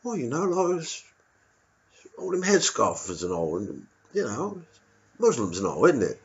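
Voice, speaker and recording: A man's voice: mid-range voice, huge pitch swings, unhurried, pitched above the performer's own voice. A man voicing a grumbling East London local who talks vaguely and repetitively, ending his lines with tag questions. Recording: dull lo-fi recording.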